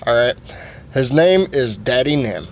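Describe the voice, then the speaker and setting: A man's voice: medium pitch, big pitch swings, unhurried, slight background noise. A man vlogging a comic story in a rambling, profane way with many fillers.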